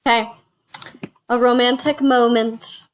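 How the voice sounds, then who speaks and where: A woman with a slightly high voice hosts a casual board game session. She reads out each card, counts the spaces aloud and drops in chatty asides between rolls. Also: level tone, measured pace. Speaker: host.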